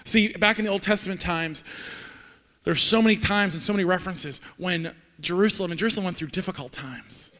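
A man in his forties preaching a sermon in a church, earnest and halting, repeating words when moved. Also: sits high, pushed and bright. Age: 40s. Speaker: pastor. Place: church sanctuary. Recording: long hall reverb.

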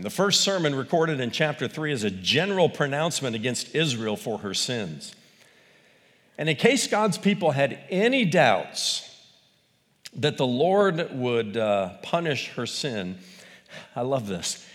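A man preaching a sermon, animated, swinging between loud exclamations and quiet, quick asides. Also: mid-range voice. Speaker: pastor. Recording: long reverb of a large hall.

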